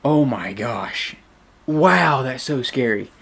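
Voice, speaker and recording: A young man with a bright voice, playing a horror game and narrating aloud. He shouts in fright, mutters to himself, and talks close to a desk mic at home. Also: medium pitch, animated, takes it slowly, creaky, slightly rough. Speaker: gaming YouTuber.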